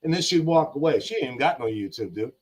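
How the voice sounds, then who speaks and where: Animated, heated older man. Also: medium pitch, brisk, a little hiss or hum. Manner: heated, emphatic, slangy, repeats lines for effect. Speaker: guest on a live gig-driver talk show. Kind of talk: casual live-stream chat.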